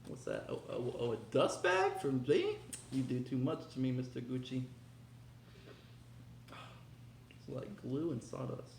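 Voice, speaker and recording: A young man hosting a casual unboxing vlog, talking in an excitable, slangy, hyped way. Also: mid-range voice, a little slow, gravelly, long pauses, a little hiss or hum. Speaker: vlogger. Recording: echoey room.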